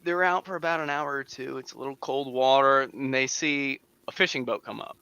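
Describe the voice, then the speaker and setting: A man's voice: mid-range voice, steady tone, fairly quick, pushed and bright, smooth, no echo, muffled recording. A man on a radio panel, telling a joke and checking in with his listeners as he goes. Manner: keeps checking in with "right?" while telling. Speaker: panel guest.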